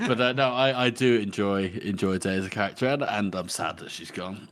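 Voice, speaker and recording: A man's voice: fairly low pitch, normal speed, a bit bright, a little hiss or hum. A man co-hosting a book podcast, talking casually with many fillers and hesitations. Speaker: podcast co-host.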